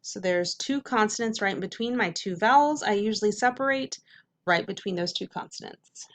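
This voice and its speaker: A woman teacher leading a phonics lesson for kids, patiently drilling the vowels and slowly sounding out syllables. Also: medium pitch. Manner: patient, repetitive classroom drills.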